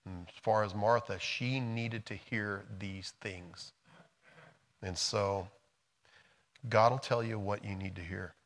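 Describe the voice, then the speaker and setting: A middle-aged American man preaching a sermon, moving between quiet, soft passages and loud, emphatic storytelling. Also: fairly low pitch, fairly even intonation, slow, pauses often. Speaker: pastor.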